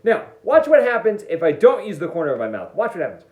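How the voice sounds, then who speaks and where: Playful man with a lively, high-ish voice. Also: fast talker. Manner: playful and jokey, demonstrating step by step. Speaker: band teacher. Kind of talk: online music lesson. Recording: echoey room, dull lo-fi sound.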